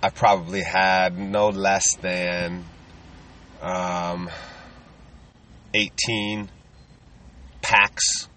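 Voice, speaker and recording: A man's voice: deep voice, level tone, extremely slow, pauses often, pushed and bright, distant mic. A man, a touring stand-up comedian, rambling casually and self-deprecatingly with lots of fillers.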